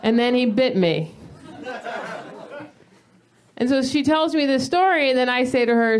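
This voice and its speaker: A woman in her thirties performing a stand-up comedy set, telling stories in an animated way and breaking into mock yelling. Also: sits high, a little slow, long pauses, some chatter behind. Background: audience laughter.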